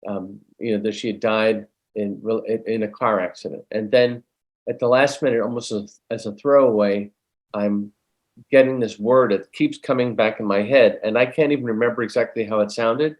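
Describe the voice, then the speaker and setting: A middle-aged man, a guest medium, telling a story in an animated, conversational way. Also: on the low side, moderate pace.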